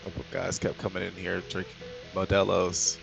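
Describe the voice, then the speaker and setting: A man's voice: deep voice, completely flat delivery, moderate pace, vocal fry, music in the background. A young man hosting a casual trading livestream, joking loosely and swearing as he talks. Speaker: livestream host and trader.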